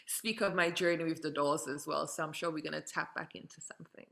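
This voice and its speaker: A woman from Saint Martin, a guest in an interview, telling her story in a lively, chatty way, acting out the people she quotes and laughing often. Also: low-pitched, fast talker, creaky. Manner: animated storyteller who acts out quoted voices and laughs often. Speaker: interview guest, model and doll entrepreneur.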